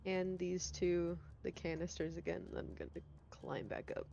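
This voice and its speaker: Gravelly-voiced woman player, dull mic. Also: on the low side, steady tone, normal speed, mellow, soft background music. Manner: brief, offhand remarks. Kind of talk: tabletop game play.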